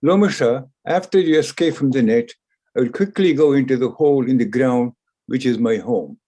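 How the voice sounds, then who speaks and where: A man voicing a cautious, clever male mouse who answers calmly and deliberately in a spoken story. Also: mid-range voice, close to an everyday voice. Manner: calm, measured, reasoning.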